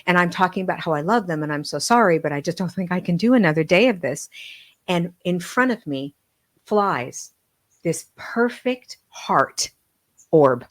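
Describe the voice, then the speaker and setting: A middle-aged woman, a guest on a podcast, telling personal stories in an earnest, heartfelt way with halting restarts. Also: lowish voice, lively intonation. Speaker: podcast guest, medium and author. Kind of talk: emotional personal storytelling.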